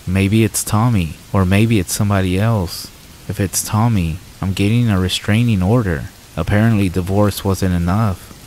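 A man's voice: low voice, steady tone, normal speed, slight background noise, natural voice, rough recording. A man voicing a frightened single mother. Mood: scared urgent. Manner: urgent hushed pleading.

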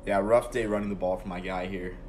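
Excitable young man streaming a football game. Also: sits low, fairly quick, slight background noise. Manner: excitable, swings between calm play-calling and loud outbursts. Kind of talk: live gameplay commentary.

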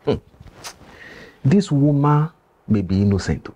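An actor playing a grave, cautious male village elder with a Nigerian accent, who pleads slowly and speaks in proverbs. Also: mid-range voice, lively intonation, warm tone. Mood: solemn.

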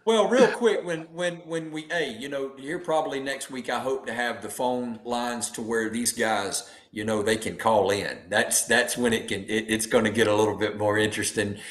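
A male host in casual talk, easygoing and rambling, often repeating words as he goes. His voice sits at a middle pitch. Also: normal speed, hardly any pauses.

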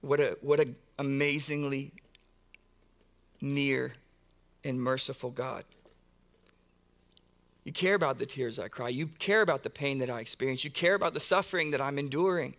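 A man preaching from the pulpit in an earnest, steady voice of ordinary pitch. He builds his points through long strings of repeated phrases, often restarting mid-thought. The sound is that of a church sermon. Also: normal speed, long pauses. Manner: earnest, repetitive build-ups with frequent restarts. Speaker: pastor. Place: church sanctuary.

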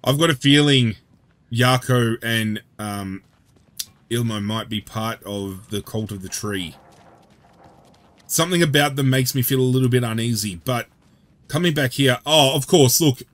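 A man talking through a video game in a relaxed commentary style, at an ordinary mid pitch. He chats and jokes with his viewers and swears freely between his remarks. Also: a little slow. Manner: chatty, swears freely, jokey asides. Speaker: gameplay commentator. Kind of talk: casual gameplay commentary.

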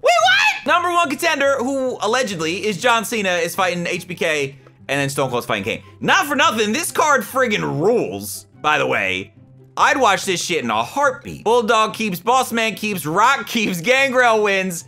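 Excitable young man narrating a game. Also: high-pitched, normal speed, soft background music. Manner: excitable, swings from loud outbursts to mumbled asides. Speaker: gaming YouTuber. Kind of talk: gaming commentary.

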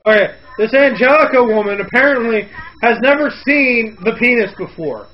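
A man with a high, wildly swooping voice tears into a reality show, crude and mocking, breaking into sudden shouts. The sound is dull and lo-fi. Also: lively intonation, moderate pace. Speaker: comedy commentator. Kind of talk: sarcastic riffing over a reality show.

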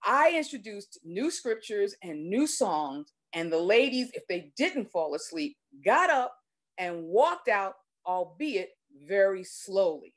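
A woman telling a personal story live, with expressive, self-deprecating delivery. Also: mid-range voice, takes it slowly.

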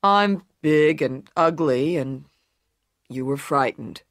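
A woman voicing a big, rough-looking but kind adult male boxer in a storybook reading, speaking slowly, low and gently. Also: no room sound, studio quality. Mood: gentle.

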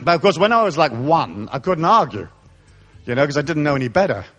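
A man's voice: on the high side, sing-song, a little fast, fairly bright tone, lo-fi sound. A middle-aged man born in England and raised in Africa, giving a live talk to an audience as a spiritual lecturer in a profane, mocking, comic style. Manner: profane, mocking, comic rant with put-on voices.

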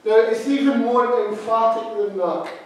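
A man preaching with a high voice, set back from the microphone. His words ring through a very echoey church hall, and he repeats key phrases with emphasis. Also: fairly even intonation, unhurried. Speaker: associate minister. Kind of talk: sermon. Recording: very echoey hall, speaker far from mic.

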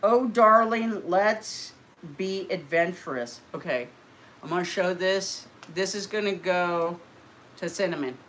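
A woman hosting a casual live stream, chatting to viewers and gushing with excitement as she opens mail. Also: lowish voice, unhurried. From California. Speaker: channel host.

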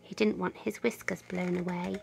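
A woman reading a children's story aloud at bedtime, soft and often close to a whisper. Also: fairly low pitch, level tone, normal speed, vocal fry, over music.

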